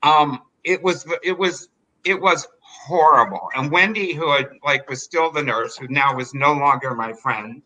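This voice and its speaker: A man telling a personal story in an animated, chatty way, full of fillers. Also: fairly high pitch, measured pace, rough recording. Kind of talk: live storytelling.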